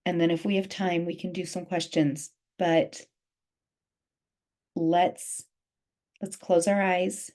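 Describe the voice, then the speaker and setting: A woman's voice: fairly low pitch, little pitch movement, slow, long pauses, darkish tone. A woman life coach giving a motivational talk on a group video call, emphatic and often repeating her key phrases.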